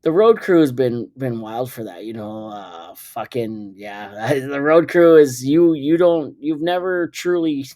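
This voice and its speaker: A man's voice: medium pitch, expressive, measured pace, hardly any pauses, a little mellow. Rambling, profane man telling stories. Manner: rambling, profane, self-correcting. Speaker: podcast host. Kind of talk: casual storytelling.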